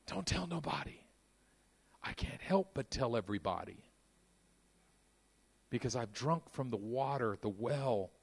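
A man preaching a sermon, moving between quiet intimate passages and loud, fervent stretches. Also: mid-range voice, expressive, measured pace, gravelly, pauses often, husky. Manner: dynamic, swings from hushed to shouting.

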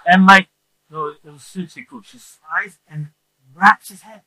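A male preacher telling a story in a sermon, animated and acting out the scenes with shouts. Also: high voice, a little slow, no room sound, rough recording.

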